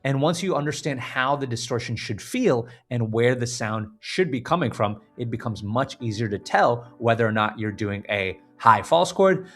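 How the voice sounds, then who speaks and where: A man teaching a scream-technique lesson, explaining clearly and stopping now and then to demonstrate screams. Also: medium pitch, normal speed, hardly any pauses. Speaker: vocal coach. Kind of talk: instructional video lesson.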